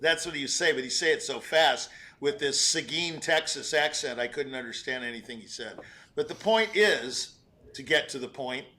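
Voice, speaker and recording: An older man giving rambling, animated feedback on a piano performance, singing out phrases and laughing as he talks. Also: medium pitch, moderate pace. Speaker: competition juror giving feedback. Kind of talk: spoken critique of a performance.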